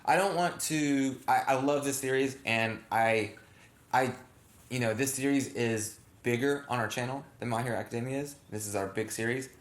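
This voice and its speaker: Co-hosting a casual reaction chat for a channel, a man rambles with plenty of fillers and keeps correcting himself. He speaks at normal speed in a mid-range voice, recorded in an echoey room.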